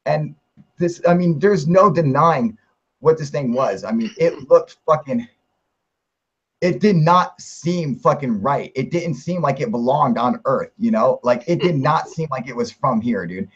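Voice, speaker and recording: A young man hosting a live stream, telling a story in a rambling, excited way, swearing constantly and piling up fillers. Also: mid-range voice, a little slow, husky. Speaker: show host telling his sighting. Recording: muffled lo-fi stream audio.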